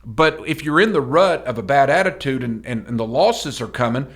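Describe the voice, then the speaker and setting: A man's voice: medium pitch, animated, normal speed. A middle-aged man co-hosting a motivational podcast, talking in a folksy, emphatic, preacher-like way. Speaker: podcast co-host.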